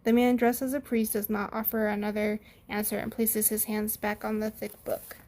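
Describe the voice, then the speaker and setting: A woman reading a game story aloud, steady with small stumbles, narrating and playing the detective. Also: medium pitch, normal speed. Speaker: story reader.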